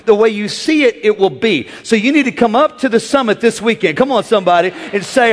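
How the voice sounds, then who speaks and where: High-voiced man preaching in a reverberant hall. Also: lively intonation, fairly quick, few pauses, noisy background. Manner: call-and-response preaching, rising to shouts. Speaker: pastor. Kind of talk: sermon. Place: large church auditorium.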